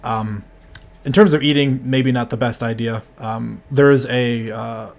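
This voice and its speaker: A man as game master narrating a tabletop role-play game in a measured, hesitant way with many fillers. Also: mid-range voice, fairly even intonation, vocal fry.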